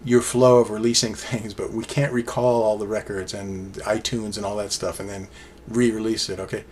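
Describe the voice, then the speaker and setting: A male fan reviews an album solo in a casual, meandering way, full of fillers and plain enthusiasm. His voice sits on the low side with little pitch movement, a darkish tone and normal speed, over a little hiss or hum.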